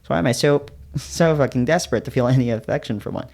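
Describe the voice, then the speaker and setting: A man voicing an anxious young man from a visual novel, tearful and harsh with himself, his voice held low and hushed as he scolds himself over and over. Plain storybook reading, nothing showy. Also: fast talker, creaky. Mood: upset. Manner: tearful, self-berating. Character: anxious young man crying alone, self-loathing.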